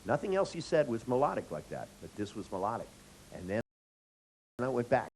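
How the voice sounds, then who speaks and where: Animated male lecturer with faint hiss. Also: lowish voice, fast, gravelly, poor audio. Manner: animated storyteller, acts out lines in sing-song. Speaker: hypnotherapy instructor. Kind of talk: lecture with anecdotes.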